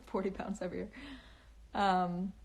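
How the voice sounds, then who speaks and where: A woman's voice: medium pitch, slow. A young woman chatting casually on a phone live stream, giggling often and speaking in a valley-girl lilt full of fillers. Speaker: livestreaming author.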